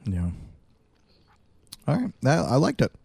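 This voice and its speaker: A man's voice: mid-range voice, wildly swooping pitch, takes it slowly, creaky, darkish tone, breathy edge, dry recording. Podcast guy chatting loose, dry close sound, lotta restarts. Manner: rambling, self-correcting, loose. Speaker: podcast co-host. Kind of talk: casual chat.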